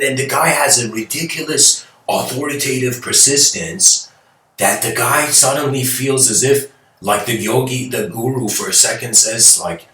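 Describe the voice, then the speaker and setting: A man giving a spiritual lecture by telling a story, rambling and animated, often restarting and adding "like" and "you know". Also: mid-range voice, moderate pace. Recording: echoey room, mic at a distance.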